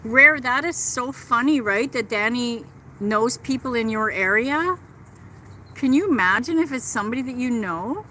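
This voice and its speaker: Middle-aged woman hosting a livestream, chatty and gushing; keen, bright, slightly high voice; outdoors on a handheld phone, faint noise behind. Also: animated, normal speed, poor audio. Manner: chatty and gushing, reads out and answers chat. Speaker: livestream host. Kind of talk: casual live chat with viewers. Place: outdoors in a park.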